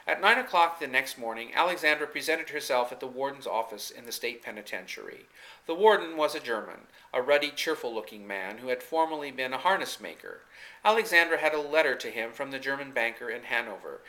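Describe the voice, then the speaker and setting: A man reading a novel aloud in a clear, steady storytelling manner, recorded on a camcorder mic. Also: medium pitch, a little fast, rough recording. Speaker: audiobook reader. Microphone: camcorder microphone.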